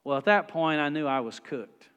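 A male pastor, preaching a sermon in a folksy, animated storytelling manner. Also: a little high, normal speed, smooth, big-room sound, dull audio.

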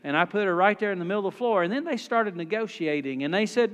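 A male pastor, preaching a sermon in a folksy, animated storytelling manner. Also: sits high, quick pace, few pauses, long reverb tail, lo-fi sound.

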